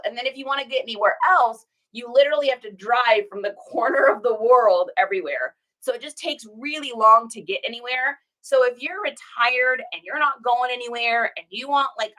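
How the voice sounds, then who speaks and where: A bright, forceful woman in her forties, stuffed up from a cold, rambles in an easy casual way while she packs orders. She is from Washington State and drifts from thought to thought, leaning on filler words as she chats to her viewers. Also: on the high side, low-quality recording. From Washington State, USA. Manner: rambling and chatty, full of "like" and "situation". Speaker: reseller vlogger. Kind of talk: casual vlog chat.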